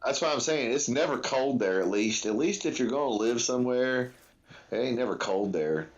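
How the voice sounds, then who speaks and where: A man's voice: medium pitch, lively intonation, normal speed, muffled recording. A man hosting a livestream watch-along, chatting casually in a rambling, profane way with lots of fillers. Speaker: livestream host.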